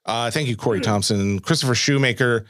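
Relaxed male podcast co-host. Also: medium pitch, a little fast, dry recording, studio quality. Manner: reads listener mail aloud, relaxed with fillers. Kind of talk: casual chat.

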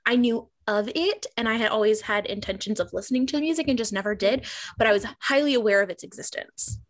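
A woman's voice: on the high side, fast talker. Chatty woman podcast co-host. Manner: chatty, explains with examples. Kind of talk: casual chat.

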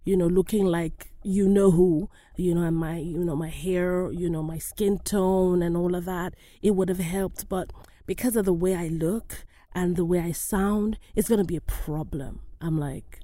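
A woman's voice: fairly low pitch, steady tone, warm tone, no echo. A woman with an African accent, an actress telling a personal story to camera in a candid, wry way. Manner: candid, wry, slightly halting with fillers.

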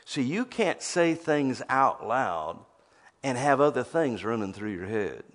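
A man's voice: mid-range voice, lively intonation, takes it slowly, fairly bright tone. Male preacher, emphatic sermon delivery, mid-range voice. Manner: emphatic, repeats words when starting phrases.

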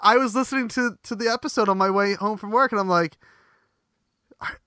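Bright-voiced chatty man, close dry mic. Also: sits high, quick pace, no room sound. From Bucks County, Pennsylvania. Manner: rambling, laughs often, many restarts. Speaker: podcast host. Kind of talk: casual chat.

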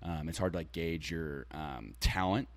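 A young man co-hosting a casual podcast, joking and laughing, sometimes breaking into loud chants. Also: rumbling low, moderate pace, gravelly, a little hiss or hum. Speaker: podcast co-host. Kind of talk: casual chat.

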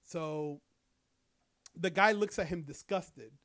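Young guy, slightly higher voice, casual profane storyteller. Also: takes it slowly, fairly bright tone. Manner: rambling, profane, lots of fillers. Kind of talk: casual chat.

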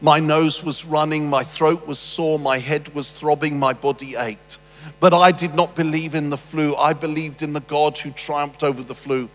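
A man imitating a triumphant celebrity preacher with a slow, drawn-out pulpit delivery. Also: a little high, fairly even intonation, long reverb tail, close to an everyday voice.

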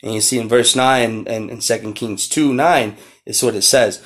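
A man's voice: mid-range voice, fairly even intonation. Emphatic man preaching on a podcast. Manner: reads scripture slowly and emphatically, then explains casually; repeats and restarts phrases, swells loud on key words. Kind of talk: podcast sermon with scripture reading.

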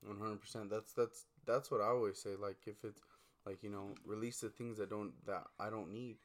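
A man's voice: lowish voice, steady tone, brisk, a little hiss or hum. A man in casual chat, agreeing readily, speaking loosely with many "like" and "you know" fillers.

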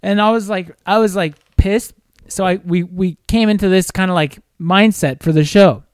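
A young man on a podcast telling a long, animated story in casual chat, swearing freely and restarting his sentences often. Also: sits high, moderate pace, clear, resonant tone, no echo, clean studio sound. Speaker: podcast co-host.

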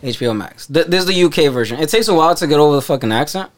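A man's voice: fairly high pitch, lively intonation, very fast. A man with a New York accent chatting bluntly and with slang on a podcast. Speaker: podcast co-host. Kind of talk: casual chat.

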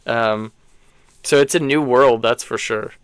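Male podcast host, smooth clear voice, relaxed joker. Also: mid-range voice, a little slow, no room sound. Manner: relaxed, joking banter. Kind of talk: casual chat.

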